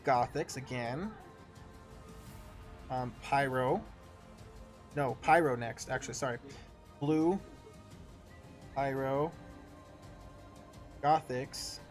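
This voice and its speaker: A man acting as game master for a tabletop game, talking in a middle-pitched, everyday voice. He hesitates often with fillers and apologizes as he sorts out turns, while faint music plays behind him. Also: very slow, long pauses. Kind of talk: running a live-streamed tabletop game.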